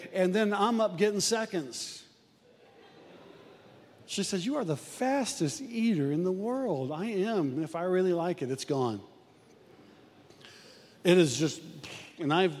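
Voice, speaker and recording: A man's voice: high voice, long reverb tail. An older man preaching a folksy sermon, telling family stories and repeating words as he goes. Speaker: pastor.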